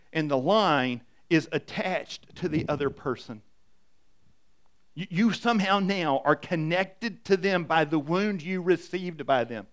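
A middle-aged man, a pastor, preaching an emphatic, story-driven sermon. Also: on the high side. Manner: emphatic, animated storytelling with repetition.

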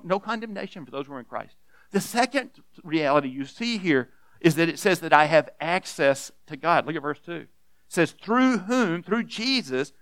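A man preaching a sermon as pastor, earnest and emphatic, often restarting with repeated words and dropping to a hush on key points. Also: a little high, no room sound. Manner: earnest, repeats words when restarting, swings between loud emphasis and hushed softness.

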